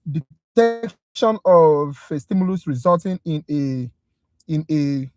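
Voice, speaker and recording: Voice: medium pitch, animated, slow, a little mellow. A tutor talking to viewers in a casual livestream review class, ranting with exasperation before moving to the teaching. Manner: exasperated, talkative rant; direct, addresses viewers as guys.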